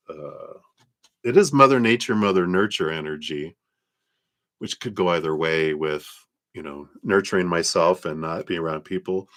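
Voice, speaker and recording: Low-voiced man giving a tarot reading. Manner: gentle, reflective, laughs often. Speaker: tarot reader. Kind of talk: live-stream tarot reading.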